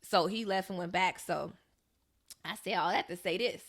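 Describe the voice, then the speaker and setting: Animated young woman telling a story, gravelly. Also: on the low side, moderate pace. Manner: animated storyteller, acts out quoted voices. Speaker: podcast co-host. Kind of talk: casual storytelling chat.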